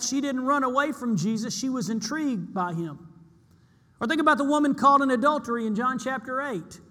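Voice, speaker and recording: High-voiced, bright man preaching. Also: in a large hall. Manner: earnest, emphatic preaching with repeated phrases. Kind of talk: sermon.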